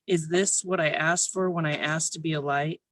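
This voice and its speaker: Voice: medium pitch, steady tone, moderate pace, a bit bright, no room sound. A poet reading their own spoken word poems at an online open mic, nervous but intense.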